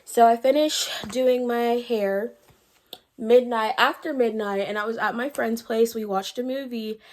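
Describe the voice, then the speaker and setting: A woman's voice: on the high side, unhurried. A young woman vlogger chatting casually to her viewers, slightly out of breath, rambling with fillers and restarts. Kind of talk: casual chat.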